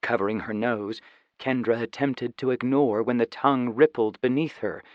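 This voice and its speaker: A man narrating a fantasy audiobook in a steady, even storytelling voice. The recording is dry, with a slightly dull, muffled tone. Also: medium pitch, normal speed, no echo. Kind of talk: scripted narration.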